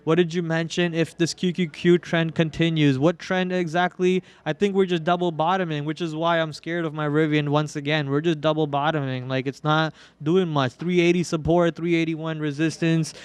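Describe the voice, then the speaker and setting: A man's voice: a little high, flat delivery, moderate pace, hardly any pauses, clean tone, no echo. A young man hosting a live trading stream in casual commentary, joking and melodramatically whining about his losses. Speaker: trading livestream host.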